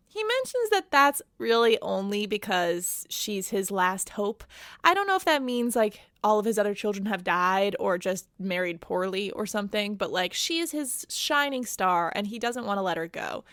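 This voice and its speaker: A woman's voice: on the high side, expressive, moderate pace, fairly bright tone, no room sound, studio quality. A woman podcast host recapping a book in a chatty, wry, slangy way.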